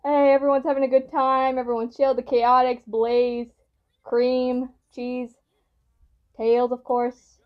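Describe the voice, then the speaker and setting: A woman hosting a reaction video, talking casually with excited gushing outbursts and rambling, apologetic asides. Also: sits high, slow pace, lo-fi sound.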